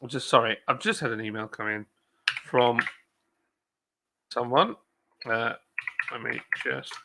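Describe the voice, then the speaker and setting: Gravelly chatty British-sounding man. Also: mid-range voice, measured pace, noisy background. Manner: chatty, self-deprecating, rambling with many fillers. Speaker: brewery livestream host. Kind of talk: casual live chat reading comments.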